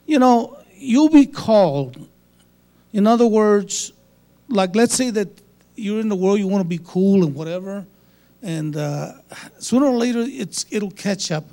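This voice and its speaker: A man speaking as a pastor, earnest and halting, often restarting his phrases. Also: high-pitched, expressive, dark tone. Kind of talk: casual sermon-like talk.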